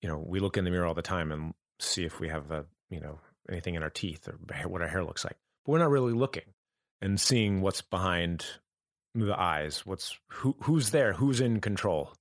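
A man in a reflective podcast conversation, talking earnestly in halting, restarting phrases. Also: low-pitched, no echo, clean studio sound. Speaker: podcast guest.

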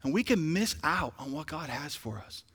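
A man preaching a sermon as pastor, animated and joking, swinging from quiet asides to shouted exhortation. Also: a little high, moderate pace, husky, big-room sound. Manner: joking, playful.

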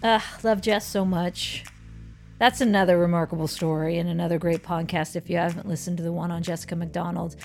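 A woman's voice: on the low side, steady tone, fairly quick, gravelly, a little mellow, soft background music. A woman co-hosting a podcast, chatting casually and playfully with frequent laughter. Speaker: podcast co-host. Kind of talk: casual chat.

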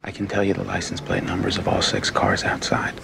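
An actor playing a calm, precise amnesiac agent in a film clip, speaking in a low, measured, intense way. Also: male voice, creaky, full character voice. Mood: tense, puzzled. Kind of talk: film dialogue. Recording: film clip with traffic noise.

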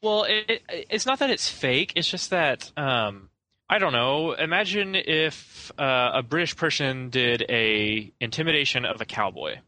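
A young man chatting casually about a film as a podcast co-host, bright and forward in tone. He rambles and hedges, with plenty of "um" and "you know," circling back on his own sentences. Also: mid-range voice, lively intonation, measured pace, rough recording. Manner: rambling, hesitant, many fillers and restarts.

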